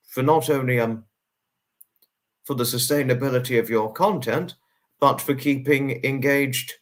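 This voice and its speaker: A man hosts a live stream and reads out his chat, greeting and thanking each viewer in turn. His voice sits at an ordinary medium pitch. He is effusive and repeats himself, slowing down to linger on people's names. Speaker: livestream host.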